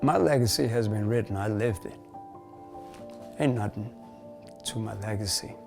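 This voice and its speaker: A man, a bass player, telling personal stories in a documentary interview, candid and profane, dropping Spanish phrases. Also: normal speed, vocal fry, music in the background.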